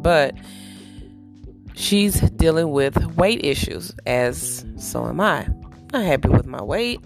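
A woman with a low, gravelly voice hosts a casual podcast monologue at an unhurried pace. Her throat is rough from allergies, and she breaks off to clear it and cough. Soft guitar music plays faintly behind her. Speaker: podcast host.

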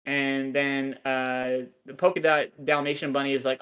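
A man's voice: medium pitch, level tone, moderate pace, fairly bright tone, clear, resonant tone, lo-fi sound. A man in his thirties co-hosting a podcast, recapping a cartoon in a crude, sardonic, rambling way with lots of swearing. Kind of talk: casual podcast chat.

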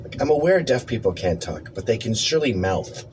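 Animated man telling stories. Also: fairly low pitch, a little fast, noisy background. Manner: animated, acts out voices in anecdotes. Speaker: podcast host. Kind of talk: casual comedic storytelling.

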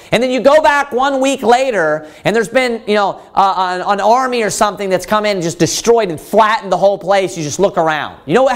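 A man preaching a Bible teaching sermon, pressing his point with emphatic rhetorical questions and frequent fillers. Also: high voice.

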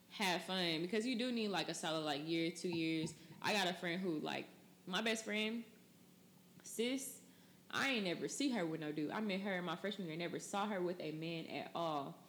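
A woman's voice: lowish voice, moderate pace, fairly bright tone, slight background noise. A woman in her twenties hosting a podcast, loose and chatty with lots of fillers. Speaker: podcast host. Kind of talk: casual chat.

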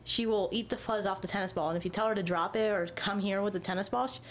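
A woman chatting casually at a middle pitch, rambling with constant fillers and the odd swear word. There is a faint hiss of noise behind her voice. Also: fast. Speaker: dog owner in casual conversation. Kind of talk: casual chat.

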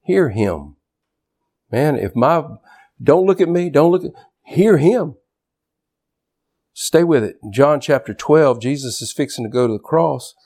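Animated older man preaching a sermon. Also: fairly high pitch, measured pace, pauses often. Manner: animated preaching, shouting for emphasis. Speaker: pastor. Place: church.

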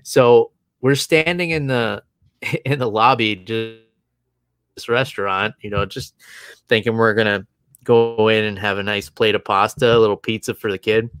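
A man's voice: on the low side, steady tone, normal speed, fairly bright tone, clear, resonant tone, dry recording. A man in his thirties, a show co-host, casually telling an anecdote, chuckling often and padding his speech with fillers. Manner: chuckling, filler-heavy storytelling.

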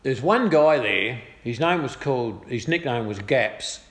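A man's voice: mid-range voice, measured pace. A middle-aged man with an Australian accent tells a personal story in a chatty, good-humoured way. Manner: chatty, good-humoured, lively voiced quotes. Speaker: speaker sharing a personal testimony. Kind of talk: casual storytelling. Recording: echoey room with faint ambience.

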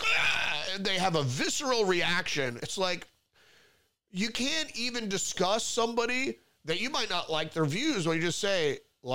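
A man's voice: sits high, bright, forceful tone. A man hosting a solo political commentary show, reading headlines and reacting to them with rambling restarts and mocking outbursts.

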